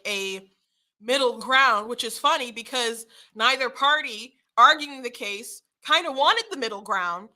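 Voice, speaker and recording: A young woman with a bright, slightly high voice hosts a political commentary show. She talks frankly and quickly, often restarting her sentences and breaking into short laughs. Her tone stays casual and conversational.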